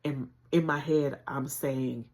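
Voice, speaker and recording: A woman telling a painful personal story on a livestream, speaking earnestly and conversationally with deep spiritual conviction. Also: fairly even intonation, takes it slowly, darkish tone. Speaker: channel host sharing a personal story.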